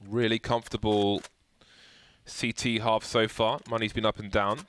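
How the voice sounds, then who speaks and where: Low-voiced male esports commentator. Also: moderate pace. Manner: excitable, rising with the action. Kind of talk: play-by-play commentary.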